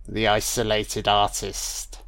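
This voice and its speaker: A man's voice: lowish voice, completely flat delivery, slow pace, fairly bright tone, clear, resonant tone, no room sound. A man giving a casual, profane running commentary on a film, joking and rambling with "you know?" asides. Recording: audio-only commentary.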